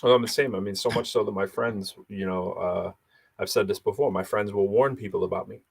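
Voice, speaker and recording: A man's voice: on the low side, brisk, vocal fry, breathy edge. A man co-hosting a podcast, chatting casually and animatedly, telling stories with quoted voices. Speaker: podcast co-host. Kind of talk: casual chat.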